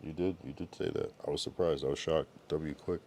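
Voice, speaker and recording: A man's voice: rumbling low, fairly even intonation, brisk, darkish tone, slight background noise. A young man livestreaming, chatting casually with viewers in a laid-back, drowsy way, full of slang and loose asides, yawning now and then. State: sleepy, yawning. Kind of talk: casual livestream chat reading viewer comments.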